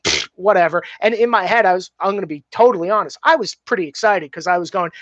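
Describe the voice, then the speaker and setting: Animated, profane man telling stories. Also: high voice, fast, no echo. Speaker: filmmaker guest. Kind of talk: casual storytelling. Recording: dull, dry, slightly muffled.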